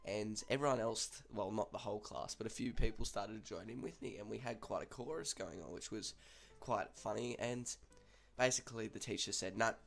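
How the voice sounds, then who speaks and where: A man's voice: fairly low pitch, a little fast, creaky. A young man with an Australian accent casually telling a school story, chatty and swearing freely.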